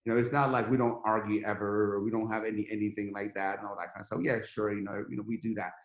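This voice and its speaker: A middle-aged man, a podcast guest, telling a story in a lively, casual way and acting out the quotes. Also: on the low side, fast, echoey room. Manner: animated, acts out quotes in a rising voice.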